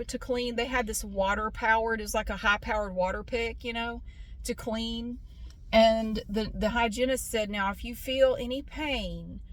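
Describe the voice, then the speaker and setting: Middle-aged woman vlogger, slightly high voice, drawling, animated storyteller. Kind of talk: casual storytelling.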